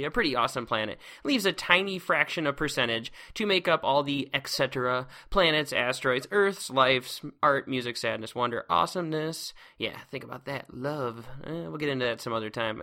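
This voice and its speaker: A man's voice: medium pitch, pushed and bright. A man hosting a casual science lecture podcast, seated at a close microphone, exuberant and playful, heaping on words like awesome. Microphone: close microphone, speaking seated.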